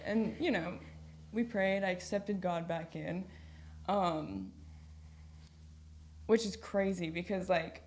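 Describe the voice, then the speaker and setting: A young adult woman talking as a podcast guest, telling her personal faith story in a casual, chatty way, full of "like" and quick laughs. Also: on the low side, animated, darkish tone, a little hiss or hum. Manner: chatty, filler-heavy with frequent "like"; laughs easily mid-story.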